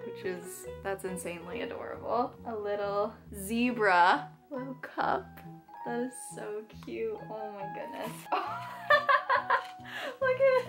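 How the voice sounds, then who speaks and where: A young woman vlogger chatting casually through an unboxing, gushing with excited squeals and gasps. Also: medium pitch.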